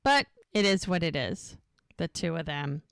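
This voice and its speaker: A woman's voice: low voice, a little slow, gravelly, no room sound, studio quality. A woman co-hosting a podcast, recapping a TV episode in detail in a casual way. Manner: retells scenes in detail, acting out quoted lines. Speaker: podcast co-host.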